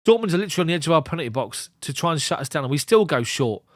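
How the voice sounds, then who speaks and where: Male fan commentator, fairly high voice, quick clipped match calls with chatty asides, dry recording. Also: sing-song, no echo. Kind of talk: live ball-by-ball match commentary.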